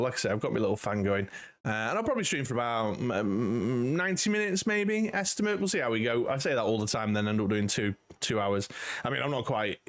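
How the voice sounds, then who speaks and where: A man in his forties hosting a casual livestream from home, chatting with viewers in a rambling, friendly way. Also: lowish voice. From United Kingdom. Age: 40s. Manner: rambling and friendly, many "you know"s. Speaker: livestream host.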